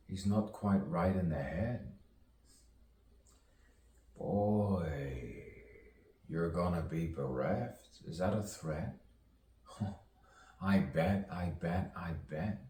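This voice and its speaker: A man with a deep, mellow voice speaks very slowly, pausing often. He delivers a rambling spoken-word soliloquy, musing to himself and repeating phrases, recorded on a distant mic with echo and faint ambience.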